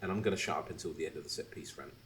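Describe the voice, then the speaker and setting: A man hosting a podcast, chatting casually and ranting with animated asides and swearing. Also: very deep voice, rapid-fire, a little hiss or hum. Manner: animated, swearing, mimics others mid-rant. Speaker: podcast host. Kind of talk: casual chat.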